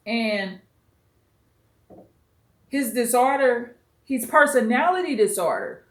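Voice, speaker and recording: Woman, vlog commentary, blunt, profane, emphatic, somewhat high voice, roomy echo. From US West Coast. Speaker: commentary channel host. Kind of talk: vlog commentary reacting to a clip.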